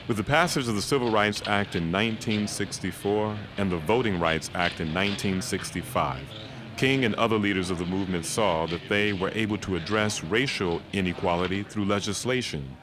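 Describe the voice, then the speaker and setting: A man narrating a documentary in an even, informative, scripted way. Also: on the low side, brisk. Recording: narration with audible background noise.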